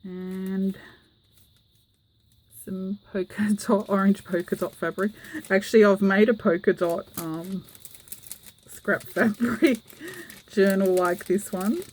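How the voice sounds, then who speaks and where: A woman's voice: mid-range voice, fairly even intonation, slow, pauses often, poor audio. A woman, chatting casually and giggling as she shows a handmade journal to the camera. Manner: giggly, chatty, with frequent fillers. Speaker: craft vlogger. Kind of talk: casual show-and-tell.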